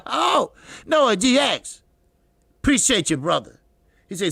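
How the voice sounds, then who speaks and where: A loud boxing talk host whose high, gravelly voice swings wildly up and down. He curses freely, laughs a lot and shouts out names from the live chat, all in a dry, close-miked sound. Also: big pitch swings, a little slow, pauses often, no echo. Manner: loud, profane, laughing often, shouting greetings to chatters.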